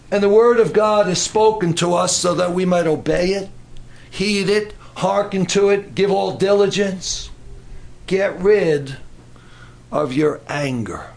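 A middle-aged man preaching a sermon in an animated way, acting out voices and breaking into shouts. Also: sits high, vocal fry.

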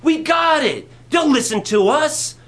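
A man preaching acts out an eager male disciple pleading with his master in an excited, insistent way. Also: very high-pitched, unhurried, voice pushed up, exaggerated voice.

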